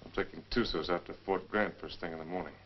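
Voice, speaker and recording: An actor playing a dutiful young cavalry officer who talks in a clipped, dry, understated way, in 1950s western film acting with a dull old film soundtrack. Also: male voice, deep voice, fast, slight background noise.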